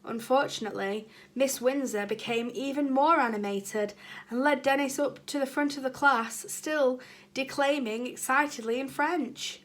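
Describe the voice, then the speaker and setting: A woman's voice: high-pitched, moderate pace, a bit bright. A woman, a primary school teacher, reading a children's book aloud with chatty asides to the children.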